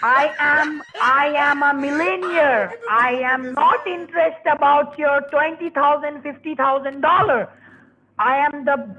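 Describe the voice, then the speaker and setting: A man's voice: very high voice, unhurried, pushed and bright. A man on a scam phone call, speaking broken English and pushing hard, then coaxing. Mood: pushy. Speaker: scam caller.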